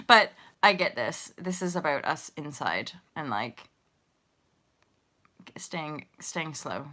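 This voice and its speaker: A woman's voice: sits low, lively intonation, takes it slowly, sharp tone. A woman in her thirties hosting a casual spiritual livestream, rambling and giggling as she talks to viewers in the chat. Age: 30s. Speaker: host of a spiritual livestream show.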